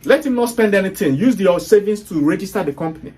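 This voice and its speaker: A Nigerian-accented man talks straight at his listeners in a fairly high voice. He lectures bluntly, firing off rhetorical questions and scolding them for their excuses. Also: lively intonation, quick pace, a little mellow. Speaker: online business speaker. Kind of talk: motivational talk to viewers.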